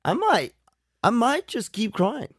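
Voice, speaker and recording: A man's voice: extremely high pitch, big pitch swings, slow pace, a bit bright, husky, no room sound, studio quality. A man, a psychologist co-hosting a radio show, speaking candidly and self-deprecatingly with frequent restarts. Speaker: psychologist co-host. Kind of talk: casual radio chat.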